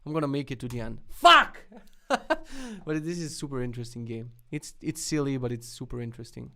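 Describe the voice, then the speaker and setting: A young man runs a live web development stream, reacting to links with excited outbursts and plenty of swearing. His voice is smooth and resonant with a gravelly rasp at the ends of phrases. He sounds loose and unscripted. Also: mid-range voice, quick pace. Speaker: streamer host.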